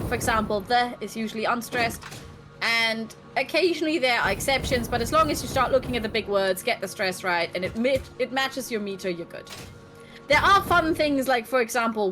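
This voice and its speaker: A woman in her twenties chatting casually on a stream, blunt and ranting, swearing freely. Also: on the high side. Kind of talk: casual chat.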